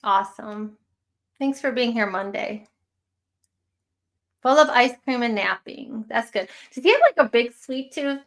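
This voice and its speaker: A woman with a Chicago accent talks casually to her livestream audience. She speaks slowly and drifts between thoughts with plenty of fillers. Her voice has a gravelly, creaky edge. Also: fairly high pitch, expressive. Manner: chatty, rambling with many fillers. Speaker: livestream host.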